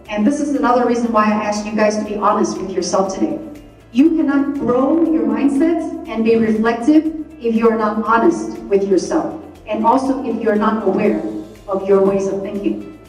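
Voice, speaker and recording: A woman, in her thirties, giving a motivational talk to a live audience, animated, acting out her own inner voice as she scolds herself. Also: a little high. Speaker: speaker. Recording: echoey hall, mic from a distance, faint music.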